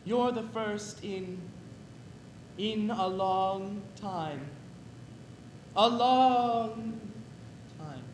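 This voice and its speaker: An actor playing a lonely man who watches flowers to meet people, talking in a slow, wistful way. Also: high-pitched. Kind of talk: stage play. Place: echoey theater stage. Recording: echoey stage recording with faint noise.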